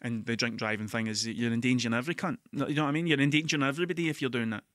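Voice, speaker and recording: A Scottish man hosting a podcast, telling stories in an animated, sweary, ranting way. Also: medium pitch, racing, no room sound, clean studio sound. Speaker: podcast host. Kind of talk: casual monologue.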